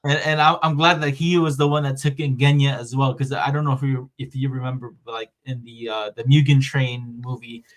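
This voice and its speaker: A man's voice: mid-range voice, flat delivery, fairly quick, hardly any pauses. A man hosting a podcast, recapping an anime season in a rambling, casual way with lots of fillers. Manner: rambling, filler-heavy recap with acted-out quotes. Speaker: podcast host.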